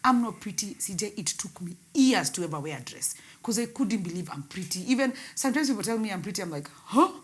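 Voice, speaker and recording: A young woman telling her painful personal story in an interview, her voice swinging between loud outbursts and hushed words. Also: mid-range voice, expressive, quick pace, hardly any pauses. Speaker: guest, radio host.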